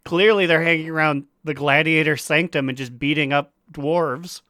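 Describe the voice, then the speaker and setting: A man's voice: a little high, moderate pace, pushed and bright, dry recording, studio quality. A man co-hosting a casual gaming podcast, making wry jokes. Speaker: podcast co-host.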